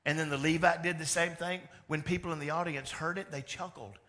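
A man preaching a sermon as pastor, animated, moving between loud emphatic lines and hushed ones. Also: on the high side, brisk.

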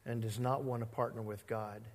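Brisk and mid-range, this pastor's voice carries a big-room sound as he preaches. He stays conversational and energetic, acting out characters and coaxing his congregation into repeating key words.

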